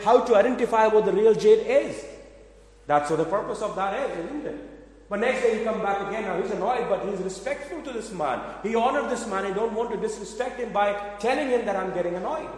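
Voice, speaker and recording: Male preacher, slightly high voice, conversational storytelling sermon, heavy echo of a large hall. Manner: conversational, addresses audience with questions. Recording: echoey hall from afar.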